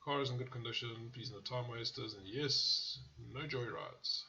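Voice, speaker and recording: A man's voice: mid-range voice, normal speed, bright, forceful tone, lo-fi sound. A man hosting a car channel, casually reviewing car ads in a blunt, profane way that often turns into rants. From South Africa.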